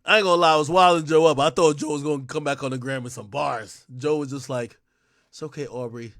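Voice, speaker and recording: A man hosting a livestream, ranting casually and profanely to his chat, often shouting and laughing. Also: fairly high pitch, steady tone, quick pace, gravelly, dry recording, studio quality. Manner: profane, addresses chat directly. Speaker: livestream host.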